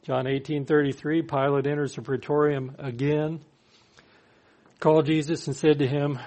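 A man's voice: a little high, flat delivery, moderate pace, darkish tone. A man preaching a sermon, reading scripture aloud and explaining it with dry humor. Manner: reads verses then explains with dry humor. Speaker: pastor.

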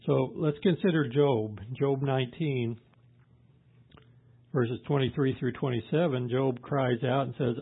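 A man with a husky, slightly breathy voice preaches a sermon, leaning into each scripture reading with slow emphasis before easing back into plain explanation. The sound is thin and tinny, like a phone line. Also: mid-range voice, fairly even intonation. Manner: reads scripture slowly and emphatically, then explains in plain conversational asides.

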